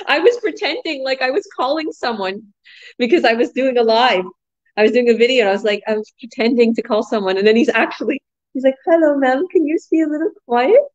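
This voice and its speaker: A middle-aged woman from Canada hosting a casual live online chat, bubbly and excited, laughing often. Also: on the high side, fast, lo-fi sound. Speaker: host.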